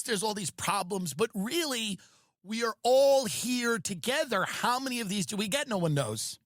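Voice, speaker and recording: A man's voice: a little high, fairly bright tone, no echo, studio quality. A man hosting a comedy podcast, rambling through an ironic monologue with mock-sincere asides. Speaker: podcast host.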